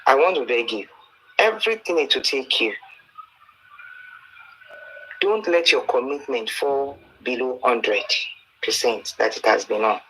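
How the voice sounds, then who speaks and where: Earnest Nigerian man preaching, bright voice. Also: mid-range voice, animated, measured pace, pauses often, slight background noise, low-quality recording. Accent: Nigerian, Yoruba-speaking. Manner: earnest, pleading, preachy, with Bible quotes and stories. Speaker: preacher addressing a campaigner. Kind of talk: exhortation mixing English and Yoruba.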